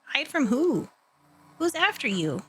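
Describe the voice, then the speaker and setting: A woman's voice: sits high, big pitch swings, slow, fairly bright tone, slight background noise, voice pushed up, exaggerated voice. A woman voicing an earnest young boy hero who calls out urgently and anxiously. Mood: pleading.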